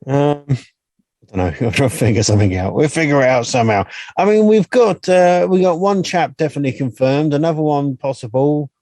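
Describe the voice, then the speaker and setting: A man's voice: fairly high pitch, fairly quick, darkish tone, dry recording. A man co-hosting a podcast in laid-back, casual chat, laughing easily. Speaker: podcast co-host.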